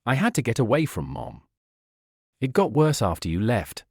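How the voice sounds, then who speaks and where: A man's voice: medium pitch, very animated, moderate pace, no room sound, clean studio sound. A man voicing a young adult son who holds back tears as he speaks, in a storybook narration. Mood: emotional.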